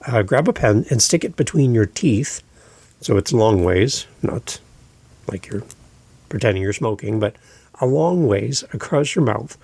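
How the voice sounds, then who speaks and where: A man hosting a podcast, giving deliberate instructional advice into a close microphone and repeating his key points. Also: mid-range voice, animated, vocal fry, darkish tone, husky, no room sound. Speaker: podcast host and coach.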